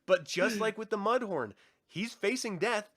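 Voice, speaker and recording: A young man co-hosting a casual review chat, excited, swearing often and acting out scenes in quoted voices. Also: sits high, measured pace. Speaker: podcast co-host.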